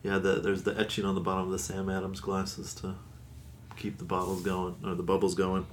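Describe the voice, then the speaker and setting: A man's voice: sits low, completely flat delivery, brisk, a little hiss or hum. A man co-hosting a podcast, casually talking about a beer he is tasting at a friend's house. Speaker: podcast co-host.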